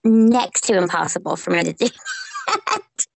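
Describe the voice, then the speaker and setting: A woman from Memphis, Tennessee with a Southern accent, a social worker telling stories in a remote interview, lively and laughing often. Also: lowish voice, measured pace, creaky, slight background noise, low-quality recording. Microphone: online call.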